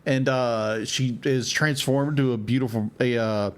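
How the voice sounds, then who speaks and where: A man's voice: mid-range voice, steady tone, unhurried. Rambling man with lots of fillers. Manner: rambling, filler-heavy, repeats "be like" and "um". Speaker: podcast co-host. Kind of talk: casual chat.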